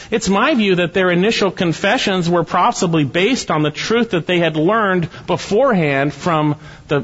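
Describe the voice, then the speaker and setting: A man preaching a verse-by-verse sermon, earnest and full of rhetorical questions, dropping his voice low when he quotes scripture. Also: a bit bright, slightly rough. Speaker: pastor. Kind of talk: expository sermon. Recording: dull, reverberant hall sound.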